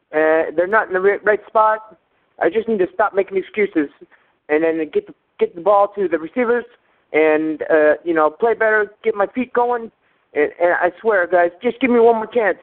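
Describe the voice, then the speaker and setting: A man's voice: sits high, natural voice. A man on a phone line doing a comic impression of a quarterback, stammering and pleading to be put back on the field. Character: mock quarterback, apologetic, whiny, pleading. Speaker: prank caller.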